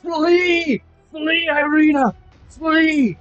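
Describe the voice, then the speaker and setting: A man voicing a desperate, bloodied father who shouts in a strained high voice to defend his daughter, in a tabletop game. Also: extremely slow, dry recording, lo-fi sound, faint music behind, exaggerated voice. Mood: frantic.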